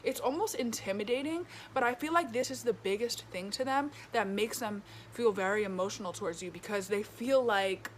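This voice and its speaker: A woman's voice: medium pitch, a little fast, hardly any pauses, slight background noise. Chatty woman giving a tarot reading. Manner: chatty, filler-heavy, keeps checking in with "okay?". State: talking with a retainer in her mouth. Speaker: tarot reader. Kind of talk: casual tarot reading to camera.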